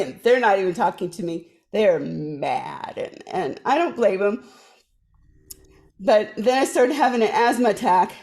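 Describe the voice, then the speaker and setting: A guest performer with a mid-range voice and a measured pace tells a long, funny story during a casual video call. She's animated and acts out the voices of the people she quotes.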